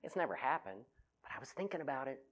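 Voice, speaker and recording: A man's voice: mid-range voice, quick pace. A middle-aged man giving a humorous talk to an audience on personality types, telling self-mocking stories. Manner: animated, self-mocking storytelling.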